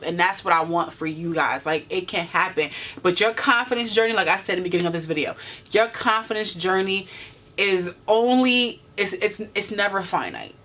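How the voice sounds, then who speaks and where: A woman's voice: mid-range voice, pushed and bright. A woman in her twenties talking earnestly to camera in a vlog, encouraging her viewers with many "you know" fillers. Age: 20s. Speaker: vlogger. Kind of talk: heartfelt talk to camera.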